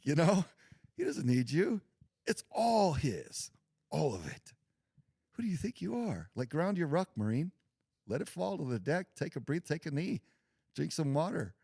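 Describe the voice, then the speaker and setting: A man voicing a blunt pastor who scolds a proud Marine, raised and forceful. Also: on the high side, big pitch swings, a little slow, gravelly, breathy edge, no room sound, studio quality, pitched above the performer's own voice, heavily acted. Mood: scolding.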